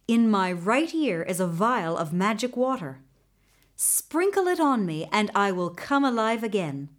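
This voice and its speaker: Woman doing a wise magic horse. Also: mid-range voice. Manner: steady, instructive. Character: wise magical male horse, calm and commanding.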